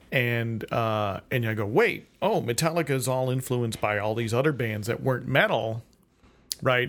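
A man's voice: medium pitch, gravelly. A man from the United States, co-hosting a podcast, chatting casually with lots of restarts and laughs. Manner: rambling, many restarts and asides, laughs often. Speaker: podcast co-host. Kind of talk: casual conversation.

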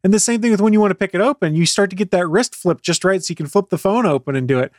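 A man with a somewhat high voice talks gadgets on a podcast and gives his opinion in an animated, chatty way. His voice is close and dry, with no room sound. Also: rapid-fire, no room sound. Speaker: tech podcast co-host. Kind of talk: casual podcast chat.

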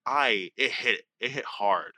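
A young man co-hosting a podcast, chatting casually and openly, animated and emotional. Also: mid-range voice, slow pace, no echo. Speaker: podcast co-host.

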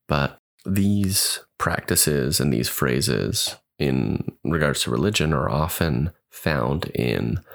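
A man's voice: very deep voice, vocal fry. A man hosting a solo podcast, talking in an earnest, thoughtful way and often restarting his sentences. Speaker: podcast host.

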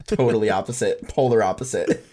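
Deadpan joking man, casual chat. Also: lowish voice, moderate pace. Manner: deadpan joking, stammering restarts.

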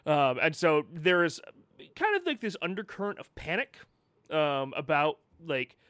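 Male co-host, higher voice, animated, dry sound, casual banter full of quips. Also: measured pace, dry recording. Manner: quips, prompts questions, laughs along. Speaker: podcast co-host. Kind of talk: casual chat.

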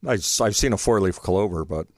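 A man co-hosting a talk show, wearing headphones at a studio mic, answering in a deadpan, literal way. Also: sits low, moderate pace, dry recording. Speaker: co-host. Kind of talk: casual chat.

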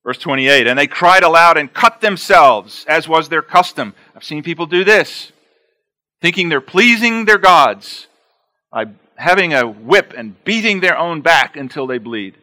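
A man's voice: a little high, expressive, unhurried, bright, forceful tone. A man preaching an expository sermon, reading scripture aloud and breaking in with plain-spoken asides, repeating key phrases for emphasis. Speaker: pastor.

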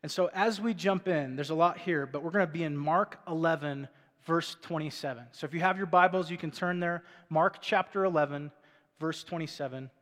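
Male pastor, sermon, conversational preacher with a high voice, recorded with a long hall reverb. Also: a little fast, fairly bright tone. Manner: conversational preaching with rhetorical questions. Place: church stage before a congregation.

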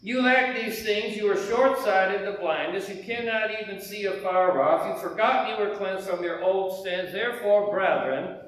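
A man's voice: sits high, normal speed, a bit bright, recorded from a distance. A man from the United States preaching a sermon in a conversational way, firing rhetorical questions at the congregation in a church. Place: church sanctuary. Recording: very echoey hall, heard from afar.

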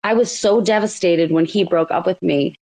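A woman's voice: fairly low pitch, normal speed, a little mellow. Chatty Boston-woman host, laughing. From Massachusetts. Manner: laughing, storytelling, lots of "like". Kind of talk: casual chat.

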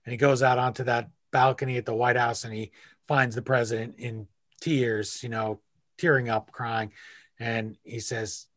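A man's voice: medium pitch, flat delivery, normal speed, a bit bright, no echo, clean studio sound. A man interviewing an author about history, retelling anecdotes in a rambling conversational way with frequent restarts.

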